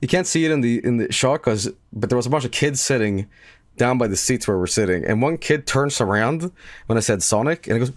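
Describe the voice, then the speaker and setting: Male streamer, rambling and profane, very lively pitch, dry close mic. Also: a little fast, no echo. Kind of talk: casual stream chat.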